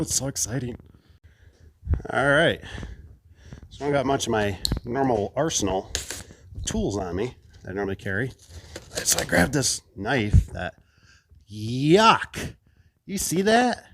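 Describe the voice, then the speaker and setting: Man, garage door installer, casual vlog talk, enthusiastic, rambling, lively swinging pitch. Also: slight background noise. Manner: chatty, enthusiastic, rambling asides to viewers.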